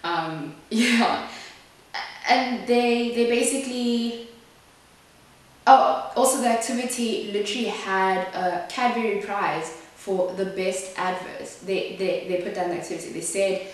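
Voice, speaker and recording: A woman's voice: medium pitch, a little slow. A young woman from South Africa chatting frankly while doing her makeup, her voice rising sharply when she gets upset. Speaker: beauty vlogger. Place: small echoey room. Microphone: camera mic at a distance. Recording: echoey room, distant mic.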